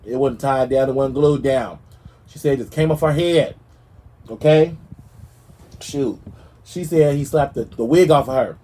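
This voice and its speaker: A man hosting a gossip show, talking in a sassy, animated way and speaking straight to the celebrities he discusses. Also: mid-range voice, measured pace, long pauses, poor audio. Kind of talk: casual celebrity gossip commentary.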